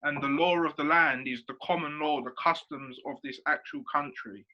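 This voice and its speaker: A man's voice: fairly high pitch, fairly even intonation, moderate pace, muffled recording. A man, co-hosting a podcast and explaining a point step by step with examples in a casual chat. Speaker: podcast co-host.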